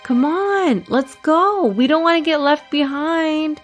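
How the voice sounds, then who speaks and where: A woman's voice: mid-range voice, unhurried, faint music behind, close to an everyday voice. A woman voicing a kind, confident young girl who knows the trails, in a children's storybook. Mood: urging. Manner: reassuring, eager.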